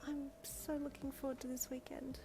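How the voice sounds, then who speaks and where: A woman voicing a sweet, shy young fairy girl in a high, soft, breathy voice. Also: level tone, moderate pace, a little hiss or hum. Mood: dreamy.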